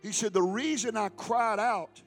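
A man pastor preaching a fiery sermon, often shouting and calling out to the congregation. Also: sits high, unhurried, soft background music. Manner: shouting, preaching with rising intensity and call-and-response.

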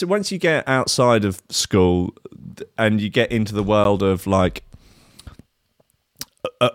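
A man's voice: lowish voice, no room sound. A man hosting a radio show, chatting casually between tracks with sardonic, sweary, rambling asides.

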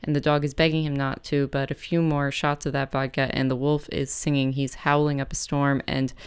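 A woman hosting a music program, casually retelling a folk tale between pieces in a chatty, relaxed way. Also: a bass voice, fairly quick, smooth. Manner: chatty, relaxed, with fillers and self-corrections.

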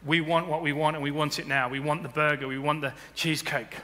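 A man preaching a sermon as pastor, building to loud emphatic peaks. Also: fairly high pitch, flat delivery, quick pace. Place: church auditorium. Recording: long hall reverb with faint music.

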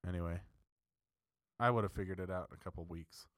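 Low-voiced man arguing casually. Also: fast, fairly bright tone, no echo, clean studio sound. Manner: emphatic and argumentative, swears freely. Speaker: podcast co-host. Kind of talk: casual chat.

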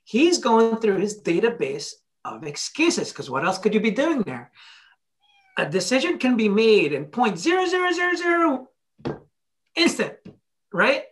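A motivational speaker telling stories in a podcast conversation, blunt and animated, casually swearing and acting out both sides of conversations. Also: medium pitch, unhurried.

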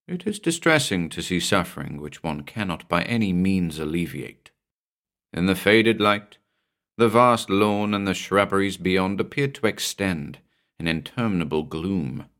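A man with a very low voice narrates a horror short story for a podcast he hosts. His reading is measured and somber, steady through long descriptive passages.

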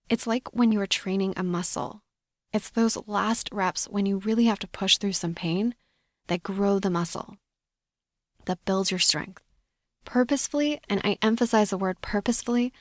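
Woman, solo podcast host, reflective coaching talk, mid-pitched voice, dry close sound. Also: dry recording.

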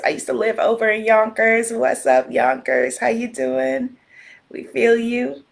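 A middle-aged woman hosting a spiritual live stream, energetic and upbeat, then soft and prayerful, talking into a phone or webcam. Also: on the high side, unhurried, gravelly. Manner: energetic and upbeat, turning soft and hushed for meditation.

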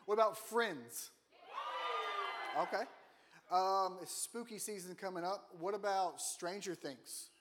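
A man's voice: sits high, takes it slowly, long pauses, a loud crowd, heavy background noise. A man giving a casual, joking sermon in a church, often putting questions to the congregation. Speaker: guest preacher. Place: church auditorium.

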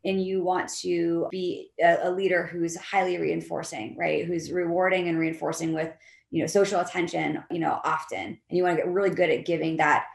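Woman coach on a podcast, kinda low gravelly voice, animated, roomy echo. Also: normal speed, slight background noise. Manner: animated, acts out quoted voices of employees and leaders. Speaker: leadership coach and behavior analyst. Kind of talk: interview guest explaining her method.

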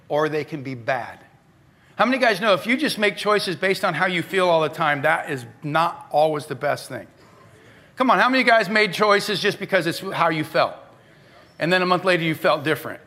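A middle-aged male pastor preaching a sermon, telling stories in a conversational way that moves from animated to hushed. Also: on the high side.

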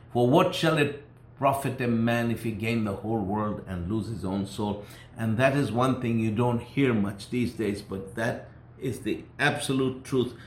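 A man's voice: medium pitch, a little hiss or hum. Fervent preacher man in an echoey room. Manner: fervent, rising to emphatic peaks and dropping to hushed warnings. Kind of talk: sermon.

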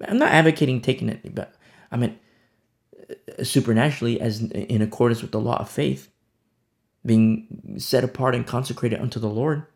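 A male pastor with a gravelly, creaky voice at a mid pitch. He preaches in a loose, conversational way and drives his points home by repeating them. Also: moderate pace, darkish tone. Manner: conversational, repetitive emphasis. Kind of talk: sermon.

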